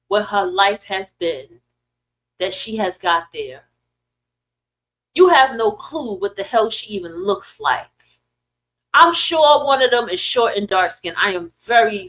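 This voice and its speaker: A middle-aged woman hosting a podcast, ranting in casual, profane commentary with sudden loud swings and a dry throat. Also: mid-range voice, low-quality recording. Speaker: podcast host.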